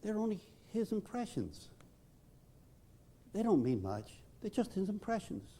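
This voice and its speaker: A man voicing a timid woman who speaks quietly and hesitantly. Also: high-pitched, big pitch swings, measured pace, voice pushed up, full character voice. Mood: gentle, hesitant. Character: timid, soft-spoken woman.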